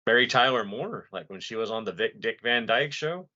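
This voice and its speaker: A man from the US East Coast chats bluntly and profanely as a podcast co-host. His voice is bright and forceful, sitting a bit low. The recording sounds dull and lo-fi. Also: animated, normal speed. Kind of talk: casual chat.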